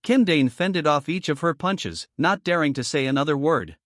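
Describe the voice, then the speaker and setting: A man reading a scripted comic story recap in an even, steady narrating manner. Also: fairly high pitch, moderate pace, dry recording, studio quality.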